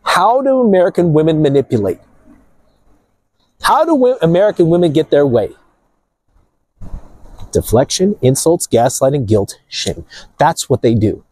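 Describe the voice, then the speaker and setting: A man vlogging outdoors near the ocean, ranting casually to his viewers in a preachy, animated way. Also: fairly high pitch, no room sound, poor audio. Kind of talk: casual outdoor rant to camera.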